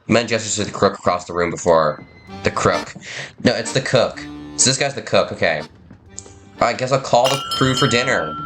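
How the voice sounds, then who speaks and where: A man's voice: medium pitch, normal speed, a bit bright, faint music behind. A man playing a story game, reading its text aloud and commenting in a rambling, self-deprecating way. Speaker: game player. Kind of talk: let's play narration, reading and commenting.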